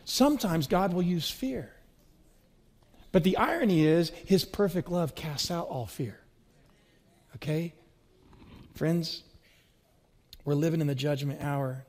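A man's voice: on the high side, slow pace, long pauses, a little mellow. A middle-aged man preaching a sermon, telling stories with rising, swelling emphasis. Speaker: pastor.

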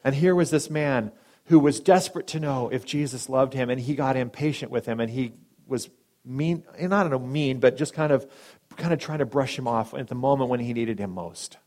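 A man preaching a sermon and telling a story, dramatic, swinging between loud emphatic lines and hushed soft ones, briefly acting out the people in it. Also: medium pitch, moderate pace. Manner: acts out quoted speakers in brief voices.

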